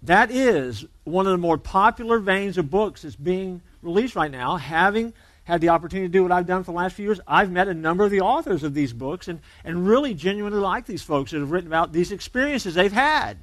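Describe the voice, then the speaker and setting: Man, pastor, sermon, high-pitched, conversational storyteller, dry close sound. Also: animated, fairly quick, a bit bright, no echo.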